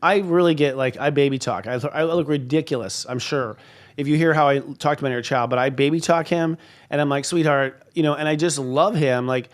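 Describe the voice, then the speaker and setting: A man's voice: fairly high pitch, a little fast. Candid man in his fifties, talk host. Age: 50s. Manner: candid, confessional and emphatic. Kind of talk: casual spiritual talk show chat.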